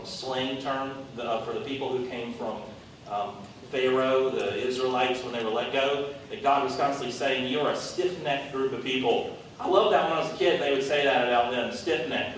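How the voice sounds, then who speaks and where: A man preaching a conversational sermon, telling stories in a lively, animated way. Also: mid-range voice. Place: large hall, worship service. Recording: echoey hall from far off, faint noise.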